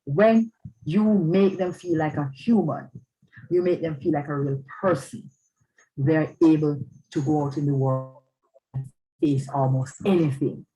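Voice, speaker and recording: A woman's voice: low-pitched, measured pace, dark tone, rough recording. Woman, church parenting talk, earnest, checks in with listeners. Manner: earnest, checks in with "all right?". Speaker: speaker on parenting.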